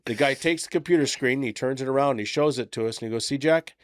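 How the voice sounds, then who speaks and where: Man, podcast host, middle-aged, profane animated storytelling, dry close sound. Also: medium pitch, racing, dry recording. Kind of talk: casual storytelling chat.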